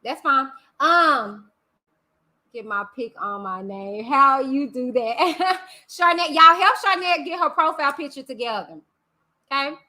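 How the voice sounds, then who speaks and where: Her voice is high and bright as she chats on her livestream, calling out viewers by name with long, loving greetings. A computer mic in the live stream software picks her up.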